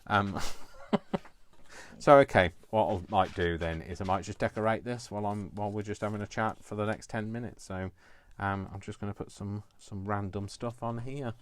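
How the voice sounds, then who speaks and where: A man's voice: fairly low pitch, moderate pace. A man in his fifties chatting casually on a live crafting stream from his home kitchen, rambling with playful asides. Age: 50s. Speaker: crafting vlogger.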